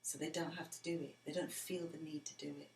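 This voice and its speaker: Middle-aged woman, earnest storyteller, lowish pitch, slips into a near whisper, roomy recording. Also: flat delivery, fairly quick, creaky, darkish tone. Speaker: interviewee, mother of the interviewer. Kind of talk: personal storytelling in conversation. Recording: roomy with faint background noise.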